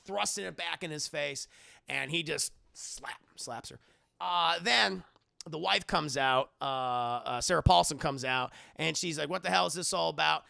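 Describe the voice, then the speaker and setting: A man casually recapping a film for his stream chat, telling it in an animated, profane way. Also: fairly high pitch, creaky, no room sound, studio quality. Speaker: movie reviewer streaming to chat.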